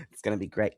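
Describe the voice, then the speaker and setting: A young man co-hosting a casual podcast, animated and giggly, swearing casually as he chats. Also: lowish voice, no echo, studio quality. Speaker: podcast co-host.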